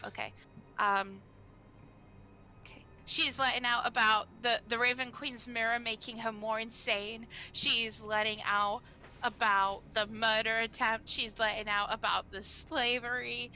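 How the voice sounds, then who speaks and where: A woman's voice: a little high, fairly even intonation, a little slow, sharp tone, slight background noise. A woman playing in a tabletop game, talking casually and emotionally, swearing often. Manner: emotional, swears a lot, laughing and tearful. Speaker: player. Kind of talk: casual chat.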